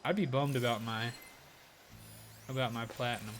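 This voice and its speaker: A man's voice: medium pitch, steady tone, moderate pace, a bit bright, a little hiss or hum. A man streaming a game live, chatting casually and upbeat, often thanking viewers. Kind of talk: casual live gaming commentary.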